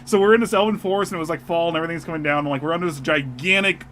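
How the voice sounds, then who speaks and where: A man's voice: on the high side, very fast, a little hiss or hum. A man co-hosting a podcast, telling a story in casual chat and laughing often. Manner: animated storyteller, laughs a lot. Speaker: podcast co-host.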